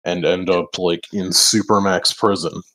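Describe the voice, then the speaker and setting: A man's voice: sits low, flat delivery, a little slow, a bit bright, poor audio. A man chatting as a tabletop game player, sarcastic and swearing heavily. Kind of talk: casual chat between players.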